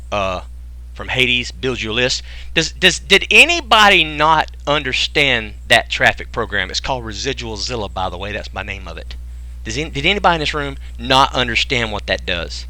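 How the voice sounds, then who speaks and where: An excitable man hosts a casual online sales pitch. He talks in folksy slang and keeps firing rhetorical questions at his audience. His voice is very bright and lively, with big swings in pitch. It sits dry and close on the mic. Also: no room sound. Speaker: webinar host pitching a business program.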